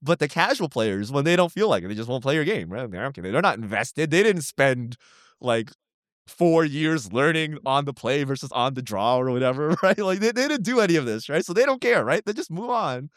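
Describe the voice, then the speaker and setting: A man co-hosting a podcast in casual chat, talking fast and opinionated and tagging his points with "right?". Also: a little high, big pitch swings, no room sound, clean studio sound. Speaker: podcast co-host.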